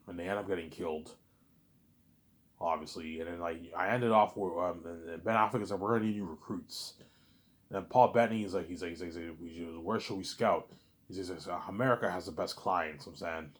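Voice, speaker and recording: A man hosting his own listening series, talking in a rambling, excited way, stumbling over repeated words and often asking "you know what I'm saying". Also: sits low. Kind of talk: rambling casual monologue.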